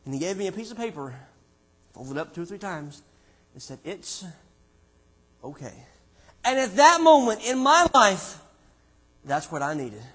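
A man preaching a sermon in a church, dropping to a hush and then rising to loud, emphatic passages. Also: on the high side, breathy edge. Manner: dramatic swings from hushed to loud preaching. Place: church sanctuary.

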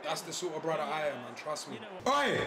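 A young man giving casual, excitable reaction commentary full of slang. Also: a little high, fairly quick, echoey room, heavy background noise. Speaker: YouTuber reacting to match footage.

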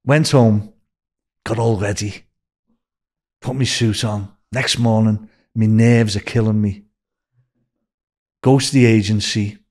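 A man in his sixties from Liverpool with a Scouse accent, a podcast guest telling a story in an animated way, acting out what people said. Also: on the low side. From Liverpool, England. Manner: animated, acts out quoted speech in a raised voice. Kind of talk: anecdotal storytelling.

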